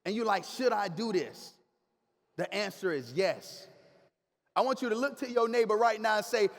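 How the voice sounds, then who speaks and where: A man giving an energetic, preachy motivational speech to a live crowd in a large hall, talking in slang and getting the audience to repeat after him. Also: high voice, moderate pace. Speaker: motivational speaker. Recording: long hall reverb.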